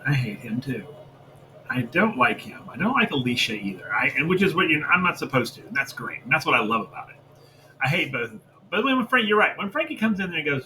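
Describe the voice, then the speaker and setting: A man's voice: medium pitch, very animated, brisk, bright, forceful tone, slight background noise, poor audio. A man co-hosting a wrestling review podcast, ranting heatedly and with lots of profanity about a storyline. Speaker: podcast co-host. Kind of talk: casual wrestling review chat.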